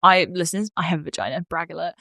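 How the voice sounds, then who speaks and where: A woman's voice: fairly low pitch, very fast, creaky, sharp tone, no room sound, studio quality. A woman comedian, guesting on a podcast, chatting frankly and playfully and laughing often. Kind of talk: casual podcast chat.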